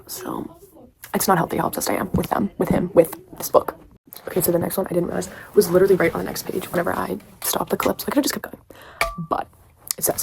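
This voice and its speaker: Young woman, fast, gravelly, gushing book review, filler-heavy, whispery asides. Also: fairly low pitch, a little mellow, a little hiss or hum. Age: young adult. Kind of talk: casual book review vlog.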